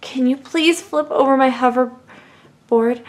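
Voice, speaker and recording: A woman's voice: high voice, slow. A woman voicing a worried little toy rider who pleads anxiously for help during toy play.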